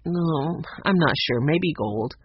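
A narrator doing a secretive grown man from a storybook, lowish and flustered when caught out. The voice is husky and the recording sounds slightly dull. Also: expressive, slow pace, dry recording. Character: adult man, secretive and evasive.

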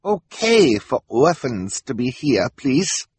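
A man voicing a sly, scheming foreign male auctioneer who speaks in slow, deliberately broken English. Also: medium pitch, very animated, a little mellow, slightly rough, pitched above the performer's own voice, heavily acted.

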